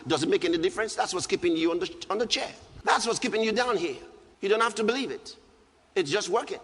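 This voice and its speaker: A man with a Nigerian English accent preaching a sermon, emphatic, dropping low and calm then rising to loud outbursts. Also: quick pace, long reverb tail. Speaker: pastor.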